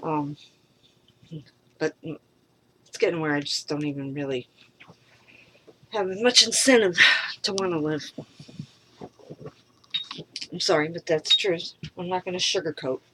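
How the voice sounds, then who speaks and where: A middle-aged woman in a rambling personal monologue, frustrated, halting, swearing freely and trailing off. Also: sits low, fairly bright tone, slight background noise. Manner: halting, with many pauses and fillers. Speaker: vlogger.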